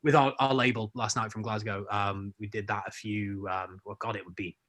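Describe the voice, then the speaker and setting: A man, a band member, chatting casually on a video call, jokey and quick to laugh. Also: fairly low pitch, steady tone, a bit bright. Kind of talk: casual interview chat.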